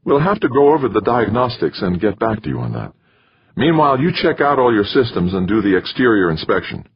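A man voicing a brisk, businesslike female mission controller who gives crisp instructions. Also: lowish voice, very animated, dull audio, voice pushed up.

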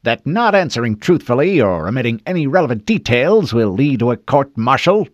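A man's voice: medium pitch, big pitch swings, brisk, dry recording, clean studio sound, pitched above the performer's own voice. A man voicing a stern male officer who gives a formal warning.

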